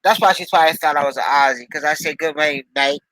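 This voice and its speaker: A man with a high, bright voice talks casually to his stream chat. He jokes around and calls viewers by name. His voice comes through a headset mic, close and dry with no room sound. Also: rapid-fire, no room sound, low-quality recording. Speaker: live streamer chatting with viewers. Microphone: headphones with mic.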